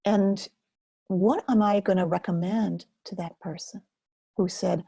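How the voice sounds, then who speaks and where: An older woman hosting a self-care webinar, speaking softly and slowly in a soothing way and sometimes dropping to a whisper. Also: medium pitch, fairly even intonation, vocal fry, slightly rough. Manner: soft, slow and soothing, drops to a whisper. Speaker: webinar host and Focusing teacher.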